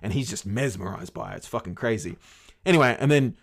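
A man's voice: mid-range voice, animated, fast. A man casually retelling a fairy tale to his podcast co-host, rambling and swearing along the way. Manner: rambling, swears often, many fillers.

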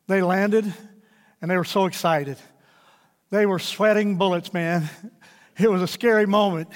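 A man's voice: high voice, fairly even intonation. A man, a pastor, telling a story and praying in an earnest, emphatic sermon in a large church auditorium. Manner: earnest, emphatic preaching with drawn-out phrases. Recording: long hall reverb with faint music.

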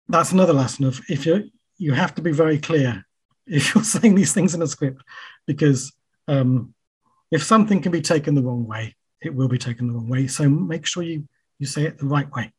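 A man's voice: fairly high pitch, a little mellow, slightly rough. A man, a writer being interviewed, talking casually with many fillers and restarts, and taking the blame on himself. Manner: halting, frequent fillers and restarts; self-deprecating. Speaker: writer guest.

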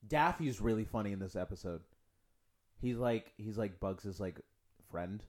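A man's voice: on the low side, a little slow. A man co-hosting a podcast in casual chat, talking enthusiastically with lots of filler words. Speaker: podcast co-host.

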